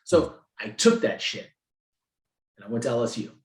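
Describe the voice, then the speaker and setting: A man from the San Francisco Bay Area, a guest in an interview, telling his story in an animated, profane way and acting out what people said. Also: medium pitch, normal speed. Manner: animated, profane, acts out quotes. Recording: roomy echo.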